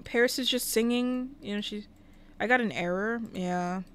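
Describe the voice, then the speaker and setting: A woman's voice: on the high side, normal speed, fairly bright tone, clean tone. Chatty woman streaming a life-sim game. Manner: chatty, talks to game characters and chat. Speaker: livestreamer. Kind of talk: casual gameplay commentary.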